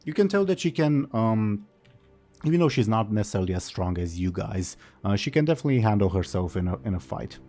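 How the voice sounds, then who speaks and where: A man running a tabletop role-playing game as game master. His voice is low and warm-toned, and his manner stays casual and playful, with a relaxed, conversational flow. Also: brisk, faint music behind.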